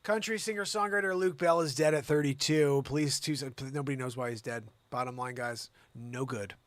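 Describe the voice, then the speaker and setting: A man hosting a live-streamed comedy news show, rambling and sarcastic, jumping between loud reading and muttered asides. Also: mid-range voice, fairly quick, no room sound.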